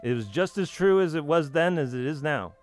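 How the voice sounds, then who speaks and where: A man's voice: fairly high pitch, expressive, brisk, faint music behind. A man giving a long rambling monologue as the channel host, half-singing nursery rhymes and swearing as he goes.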